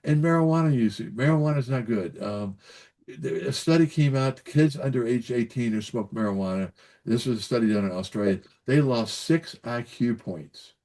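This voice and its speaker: A man's voice: medium pitch, moderate pace, a little mellow. An older man, a pediatrician giving folksy, emphatic advice in a casual interview, often repeating himself and checking in with "okay?". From Kentucky. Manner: folksy, repetitive, emphatic with frequent "so anyways" and "okay?". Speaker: pediatrician guest.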